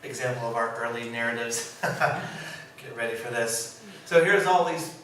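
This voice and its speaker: Animated male puppeteer in an echoey room. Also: medium pitch, measured pace. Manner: animated, laughs often, acts out quotes. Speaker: puppeteer giving a presentation. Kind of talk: informal storytelling talk. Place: presentation room. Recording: echoey room, mic far, background noise.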